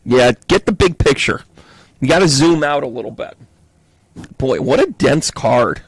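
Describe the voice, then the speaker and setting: A man's voice: mid-range voice, animated, a little slow, husky, no room sound. A man with a Southern US accent doing a chatty, playful live tarot reading for viewers, joking between cards. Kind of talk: live card reading, casual chat.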